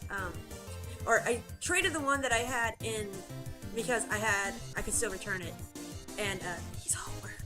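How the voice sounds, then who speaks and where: A woman's voice: a little high, moderate pace, poor audio. A woman giving let's-play commentary with rambling, giggly asides. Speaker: gamer. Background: game music.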